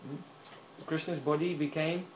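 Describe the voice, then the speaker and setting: Storytelling is at the heart of this man's sermon, told with animation and punctuated by chuckles and regular "hmm?" check-ins with his audience. For a man, his pitch is fairly high, and the recording has room echo and a faint hiss.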